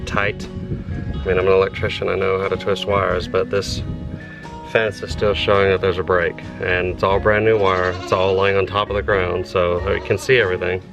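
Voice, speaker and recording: Homesteader, deep gravelly voice, rambling frank vlog talk, music underneath. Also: male voice, low-quality recording. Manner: rambling, frank, thinking out loud. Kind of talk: casual vlog talk to camera.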